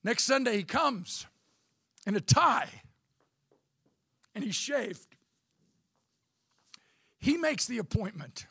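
A man's voice: very high-pitched, sing-song, takes it slowly, long pauses, pushed and bright, slightly rough, no room sound, studio quality. A middle-aged man telling a personal story in a folksy, conversational talk. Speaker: speaker, former bishop.

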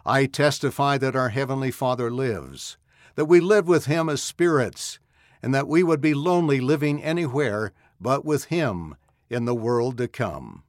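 A man reading a church address aloud in a measured, solemn manner, close on a studio mic. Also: mid-range voice, animated, no echo. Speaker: audio magazine reader. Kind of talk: scripted narration of a church address.

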